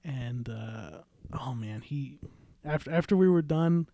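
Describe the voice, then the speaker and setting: A man hosting a podcast in casual chat, excitable and swearing freely. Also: mid-range voice, measured pace, gravelly, no room sound. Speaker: podcast host.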